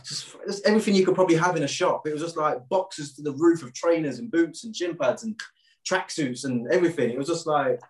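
A man, a former footballer telling a story in a casual interview, full of fillers and quoted dialogue. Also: on the high side.

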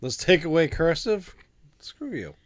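Low woman's voice with a lively swing, blunt side comments, loud background noise. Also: unhurried. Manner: blunt, joins in with short jokes. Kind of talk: casual chat.

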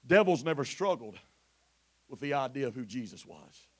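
A man preaching a sermon in church in a chanting, shouted cadence full of "uh" fillers, sometimes dropping to a quiet delivery. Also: expressive, moderate pace, breathy edge. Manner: drops to quiet, low delivery at times. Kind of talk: Pentecostal sermon.

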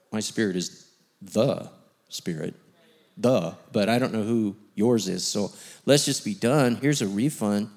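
A man preaching as a guest speaker, telling a story with lively acted-out voices, then teaching. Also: on the low side, creaky. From rural background. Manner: animated, acts out voices in his stories. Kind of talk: sermon storytelling.

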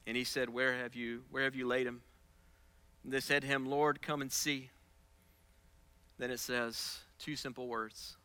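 A man preaching a sermon as pastor, moving from casual, soft asides with repeated words to loud, high-pitched passages. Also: no echo.

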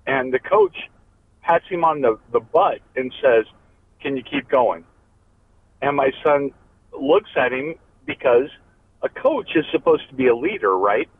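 A man's voice: a little high, big pitch swings, unhurried, gravelly. A man calling in to a radio show, passionate and emphatic. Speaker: caller. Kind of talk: phone call-in. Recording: tinny phone line with faint noise.

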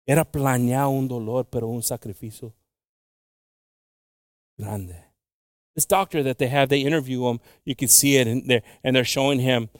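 A male preacher delivering a bilingual sermon, moving from quiet, halting, intimate talk to loud, slow, drawn-out scripture reading. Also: mid-range voice, no echo, clean studio sound. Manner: halting, with frequent fillers and restarts.

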